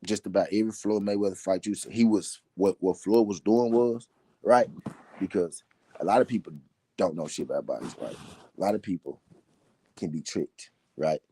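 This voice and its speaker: Deep dark-voiced man ranting about boxing. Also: normal speed, husky. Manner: repetitive, emphatic, laughing between points. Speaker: boxing talk show host. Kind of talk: casual live commentary.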